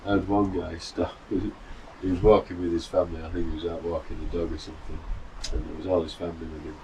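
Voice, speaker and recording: A man's voice: deep voice, little pitch movement, fast, dark tone. A middle-aged man casually recounting a long run in a rambling, chatty way, full of fillers and restarts, sitting out on a balcony. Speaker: runner vlogger. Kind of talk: casual storytelling. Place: outdoor balcony in the mountains. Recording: distant mic with noisy outdoor ambience.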